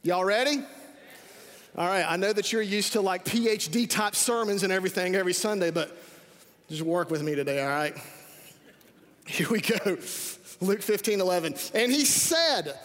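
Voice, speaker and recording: A man preaching a sermon as pastor, energetic and calling out to his congregation. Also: high-pitched, moderate pace, long pauses. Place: church sanctuary. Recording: reverberant hall.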